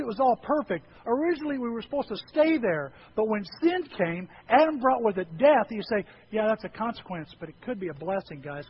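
A man preaching a sermon to his church, swinging between hushed asides and loud, animated outbursts. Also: high-pitched, lo-fi sound, a little hiss or hum. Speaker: pastor.

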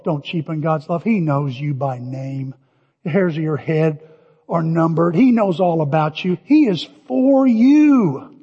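Older male pastor, high-pitched and husky, animated storyteller, lo-fi recording in a reverberant hall. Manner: animated storytelling, shouting cheers in quotes. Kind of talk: sermon. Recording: dull lo-fi audio with long hall reverb.

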